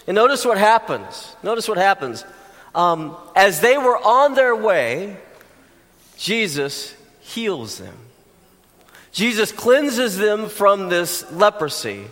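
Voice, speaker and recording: A man's voice: sits high, very animated, takes it slowly, fairly bright tone, long reverb tail. A man preaching a sermon in a conversational way, with joking asides to the congregation. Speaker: pastor.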